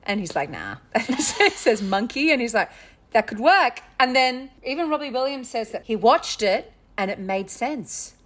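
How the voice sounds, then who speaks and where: A woman's voice: fairly high pitch, animated, moderate pace, fairly bright tone. Woman, podcast co-host, keen and giggly. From Australia. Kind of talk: casual chat.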